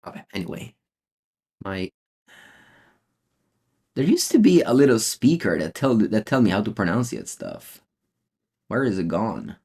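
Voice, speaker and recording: Italian-accented male streamer, low voice, rambling game commentary full of ums. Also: wildly swooping pitch, a little slow, pauses often, darkish tone, slightly rough. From Italy. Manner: rambling, many fillers and restarts. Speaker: streamer playing a card game. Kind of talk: casual gameplay commentary, answering chat.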